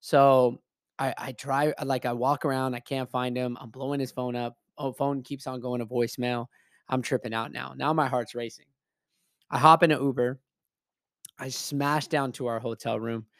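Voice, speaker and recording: A man's voice: mid-range voice, little pitch movement, moderate pace, fairly bright tone, no room sound. Man, mid-range voice, casual and emphatic storyteller who swears freely, dry close recording. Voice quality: profane, blunt and emphatic.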